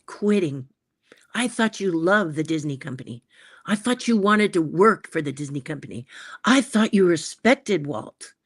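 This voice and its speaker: A woman voicing a kindly older male mentor who talks softly and coaxes with gentle guilt. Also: sits high, wildly swooping pitch, unhurried, pauses often, no echo, studio quality, full character voice. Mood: coaxing. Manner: soft, coaxing, playfully guilt-tripping.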